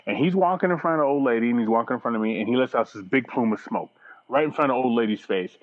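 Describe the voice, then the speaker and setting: A man's voice: medium pitch, fast, narrow, tinny audio. A middle-aged man ranting bluntly on a talk show, swearing constantly as he complains. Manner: blunt, heated and heavily profane. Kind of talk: profane rant on a talk show.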